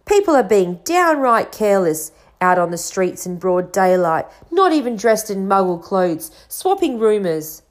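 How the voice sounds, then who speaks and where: A woman's voice: medium pitch, big pitch swings, unhurried, hardly any pauses. A woman voicing a severe older witch professor who talks impatiently and irritably. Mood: irritable.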